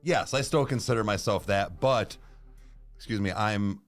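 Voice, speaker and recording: A man's voice: lowish voice, normal speed. A man co-hosting a casual live stream, easygoing and a little hesitant. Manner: easygoing, short agreeing replies, hesitant. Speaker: co-host of a music reaction channel. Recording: faint music in the background.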